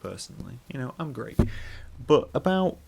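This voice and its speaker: A man's voice: medium pitch, sing-song, normal speed, vocal fry, heavy background noise. A middle-aged man from northern England hosting a solo podcast, rambling and self-mocking as he talks through an anecdote. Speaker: podcast host.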